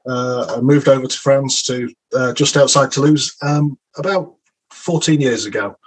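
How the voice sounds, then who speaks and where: A man's voice: medium pitch, moderate pace, slightly rough, low-quality recording. An English man as an interview guest, speaking hesitantly with frequent restarts and repeated words. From England. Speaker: guest sports journalist. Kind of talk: casual interview.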